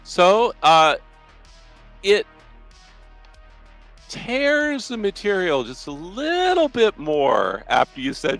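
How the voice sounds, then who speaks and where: A man's voice: sits high, huge pitch swings, takes it slowly, creaky, pauses often, a bit bright, faint music behind, low-quality recording. A man acting as game master, narrating a tabletop role-playing scene loosely, with frequent restarts.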